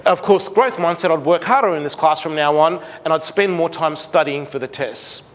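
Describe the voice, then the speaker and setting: A middle-aged Australian man giving an animated seminar talk to parents, acting out conversations with his daughter. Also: on the high side, moderate pace. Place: large school hall. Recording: long hall reverb.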